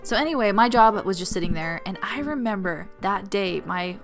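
A young adult woman, a former resident assistant, tells college stories in a casual storytime vlog while drawing. Her medium-pitched voice has lively intonation at a moderate pace over faint music, and she's chatty, filler-heavy and vivid in her retelling.

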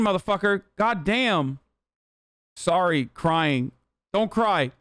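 A man's voice: sits high, lively intonation, takes it slowly, fairly bright tone, smooth, no echo, studio quality. A man streaming live, ranting at a chat comment in a heated, profane, exasperated way. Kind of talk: livestream rant reacting to chat.

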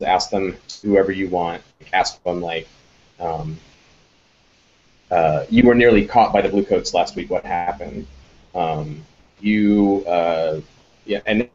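Low-voiced man, rambling live Q&A. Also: muffled recording, slight background noise. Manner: rambling, many ums and restarts. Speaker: game designer answering audience questions. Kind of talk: casual live Q&A chat.

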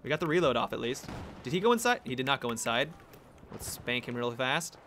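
Young male gamer, lively jokey play-by-play with high yelps, faint gunfire behind. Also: quick pace, a little hiss or hum. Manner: excitable, laughing, joking, sudden high squeals of surprise. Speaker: gameplay commentator. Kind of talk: casual gameplay commentary.

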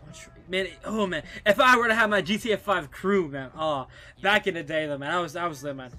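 A young man streaming gameplay live, trash-talking opponents excitably and calling everyone bro and dude. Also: sits high, a little fast. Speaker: gaming streamer.

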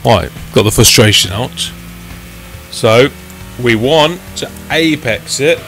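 A man's voice: medium pitch, animated, slow, fairly bright tone, faint music behind. Swearing, frustrated young man gaming. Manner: frustrated, heavy swearing, talks to the car. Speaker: gaming channel host. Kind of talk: live gameplay commentary.

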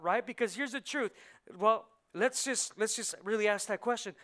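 A man preaching a sermon as pastor, animated, asking the congregation questions and acting out the voices in people's heads. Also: high-pitched, normal speed. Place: church sanctuary.

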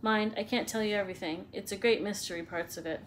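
A woman voicing a big, gruff, loyal giant man who speaks roughly and blusters. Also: mid-range voice, fast, a little hiss or hum, natural voice, low-quality recording. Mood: worried.

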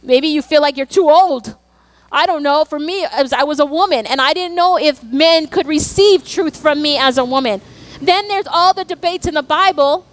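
A woman pastor delivers a sermon in a high, bright register. She tells personal stories earnestly and leans hard on emphatic asides. The sound is dry and close. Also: no echo. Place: church.

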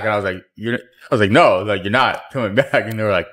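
A man's voice: fairly low pitch, fast talker, fairly bright tone. A young man co-hosting a casual podcast, joking and often breaking into laughter. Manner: joking, laughs between sentences. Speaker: podcast co-host. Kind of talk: casual chat.

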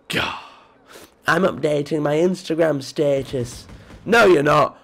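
A man with a stuffy nose from a cold, giving excitable live commentary over his gameplay, muttering one moment and yelping the next. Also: a little high, normal speed. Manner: excitable, jumps between mutters and yelps. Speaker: gaming video creator.

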